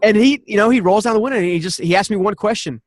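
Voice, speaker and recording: A man in his forties, a podcast guest, telling a personal story in an animated, earnest way and often restarting his sentences. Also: high voice, racing, dry recording. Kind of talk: personal storytelling in a conversational interview.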